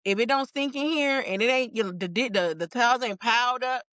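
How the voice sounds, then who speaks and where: A woman guest in a casual chat, candid and relaxed, laughing often and restarting her sentences. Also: a little high, fairly quick, no echo.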